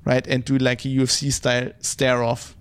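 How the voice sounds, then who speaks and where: Man, casual podcast chat, rambling, swears a lot, medium pitch. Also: completely flat delivery, normal speed, smooth. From Germany. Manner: rambling, profane, heavy use of "like".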